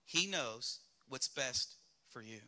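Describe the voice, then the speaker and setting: A man's voice: medium pitch, animated, slow, pushed and bright. A male pastor with a Southern US accent preaching a sermon in a church, speaking candidly and asking the congregation rhetorical questions. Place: church sanctuary.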